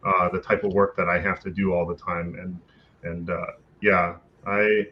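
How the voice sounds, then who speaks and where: Low-voiced man, hesitant, on a dull lo-fi line. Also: flat delivery, normal speed, a little hiss or hum. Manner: hesitant, many fillers and restarts, laughs often. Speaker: interview guest, content creator. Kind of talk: casual interview answers.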